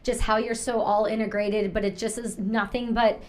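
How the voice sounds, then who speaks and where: A woman's voice: mid-range voice, flat delivery, normal speed. A woman from Canada hosting a casual interview, chatty and rambling, with lots of fillers. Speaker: podcast host.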